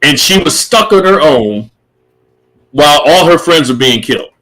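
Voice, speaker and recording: A middle-aged man with a fairly high speaking voice, talking through his opinions on a casual podcast. He circles back on his points, repeats himself and laughs easily. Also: expressive, normal speed, a bit bright, rough recording. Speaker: podcast co-host. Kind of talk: casual chat.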